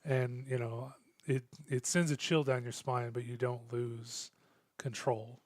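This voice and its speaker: A man running a tabletop game as game master, narrating in a halting way full of fillers and restarts. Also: medium pitch, level tone, no echo.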